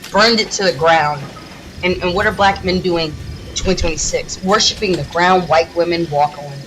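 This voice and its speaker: A woman from the United States, a gaming streamer, ranting in a heated, profane, rapid-fire way while she plays. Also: fairly low pitch, noisy background. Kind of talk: casual ranting during a livestream.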